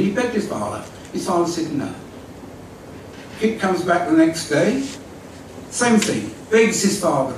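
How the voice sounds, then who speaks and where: A man's voice: high voice, unhurried, long pauses, far from the mic, a little hiss or hum. Older man telling a story in an echoey hall. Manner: vivid storytelling with acted-out quotes, lively. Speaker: speaker at a community evening, former school leader. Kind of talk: storytelling talk. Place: large hall at an evening event.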